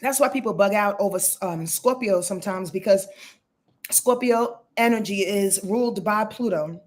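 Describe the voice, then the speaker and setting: A woman's voice: medium pitch, moderate pace. A woman, hosting a casual astrology livestream in a loose, chatty way and talking straight to her viewers. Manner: loose, chatty, swears, addresses viewers as y'all. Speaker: astrologer hosting a live stream.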